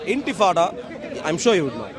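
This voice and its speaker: A man's voice: high voice, very animated, moderate pace, a crowd in the background. A man speaking as a street speaker in an outdoor park, debating passersby in an emphatic, repetitive, lecturing way. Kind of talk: open-air debate speech to passersby.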